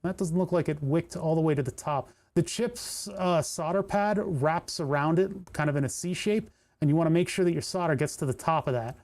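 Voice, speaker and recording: A streamer building electronics kits solders live, walking through each step and muttering in frustration while hunting for parts. His voice is a little high and darkish in tone, and he talks fairly quickly.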